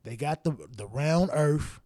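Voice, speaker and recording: A man hosting his own show, telling a story in a casual, profane, animated way and acting out his younger self's reactions. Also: fairly high pitch, measured pace, no echo, clean studio sound. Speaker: show host.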